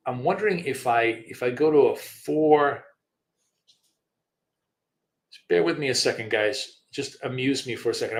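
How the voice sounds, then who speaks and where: A man of ordinary pitch talks through his trades on a live screen-share. He rambles and thinks aloud, filling gaps with ums and restarting his sentences. He swears offhandedly now and then. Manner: swears casually. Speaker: trading show host.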